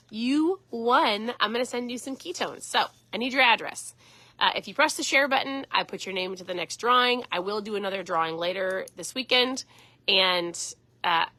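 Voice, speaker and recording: Middle-aged woman host, casual livestream chat, bright and upbeat, close dry sound. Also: medium pitch, dry recording. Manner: chatty, enthusiastic, acts out dialogue.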